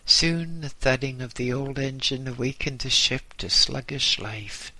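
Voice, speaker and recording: A man giving scripted first-person narration in a measured, deliberate way. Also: medium pitch, bright, forceful tone, dry recording.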